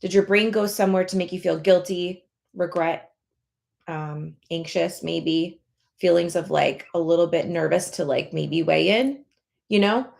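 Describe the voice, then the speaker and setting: A woman's voice: fairly low pitch, unhurried, creaky, darkish tone. A woman weight loss coach talking casually in a members-only live session, encouraging listeners and acting out their inner thoughts.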